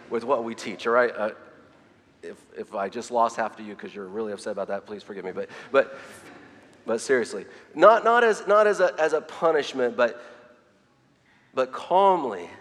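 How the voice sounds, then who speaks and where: A man's voice: medium pitch, expressive, normal speed, pauses often. A middle-aged man preaching a sermon, earnest, often repeating his words as he reads quotes aloud. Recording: long hall reverb.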